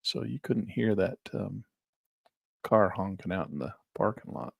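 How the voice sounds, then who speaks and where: A man's voice: fairly low pitch, animated, unhurried, gravelly, husky, dry recording, lo-fi sound. A man on a headset mic teaching a live trading lesson, chatting and thinking aloud as he works through charts. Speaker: trading instructor. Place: small office near a parking lot.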